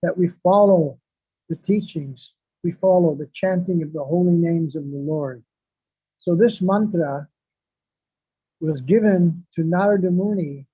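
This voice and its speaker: A man's voice: high-pitched, slightly rough, no room sound. A man giving a devotional sermon, repeating phrases for emphasis and reciting Sanskrit verses. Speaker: devotional speaker. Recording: dull lo-fi, dry sound.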